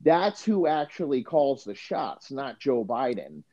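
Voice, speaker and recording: A man's voice: mid-range voice, big pitch swings, unhurried, dark tone. A young man co-hosting a podcast in casual chat, rambling and profane, saying "dude" often. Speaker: podcast co-host. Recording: dull lo-fi sound.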